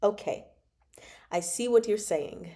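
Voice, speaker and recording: A woman's voice: medium pitch, takes it slowly, dark tone. A young adult woman hosting a casual book chat, playful and laughing often as she reacts to a novel. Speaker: book club host reading and reacting.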